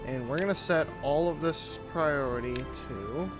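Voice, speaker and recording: A man giving casual commentary on his own gameplay, thinking aloud as he builds in a relaxed way. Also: fairly high pitch, measured pace, music in the background. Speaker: gaming YouTuber. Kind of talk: casual let's-play commentary.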